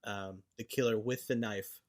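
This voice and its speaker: A man's voice: fairly low pitch, moderate pace. A man co-hosting a podcast, casually retelling a horror film, swearing a lot and acting out characters' lines in silly voices. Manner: profane, animated, acts out movie lines in funny voices. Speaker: podcast co-host. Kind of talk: casual chat.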